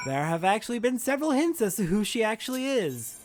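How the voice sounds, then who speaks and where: Relaxed male let's play host, offhand and jokey, animated pitch. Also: fairly quick, hardly any pauses. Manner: laid-back, offhand, jokey. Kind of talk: casual gameplay commentary.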